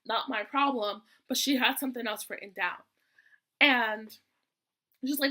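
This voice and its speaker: Bright, sassy young woman telling a story. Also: fairly high pitch, unhurried, long pauses. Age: young adult. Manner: chatty and exasperated, with sassy asides. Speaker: vlogger. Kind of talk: casual storytime.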